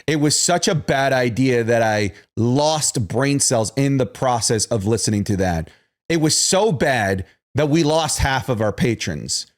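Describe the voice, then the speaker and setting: A man co-hosting a casual podcast, mock-dramatic and quick to laugh. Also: mid-range voice. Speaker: podcast co-host. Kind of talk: casual chat.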